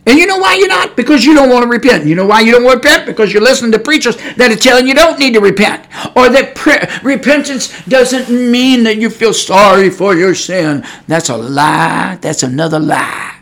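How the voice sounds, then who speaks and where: A male preacher delivers a podcast sermon in a high, bright voice, fiery and scolding as he drives each point home. His speech is loose and colloquial, full of rhetorical questions aimed straight at the listener. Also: moderate pace, few pauses.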